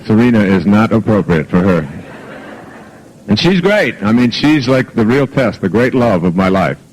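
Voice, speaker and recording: A man's voice: on the low side, very animated, moderate pace, darkish tone, breathy edge, poor audio. A middle-aged man giving a self-help talk to a live audience, anecdotal and jokey, acting out quoted dialogue. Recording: old archive audio recording.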